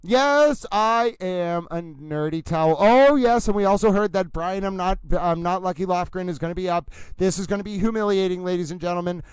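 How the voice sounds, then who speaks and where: Male livestream host, theatrical and playful, with a smooth, resonant voice. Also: high voice, fairly quick, hardly any pauses, no room sound, low-quality recording. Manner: silly, theatrical, rambling, addresses "ladies and gentlemen".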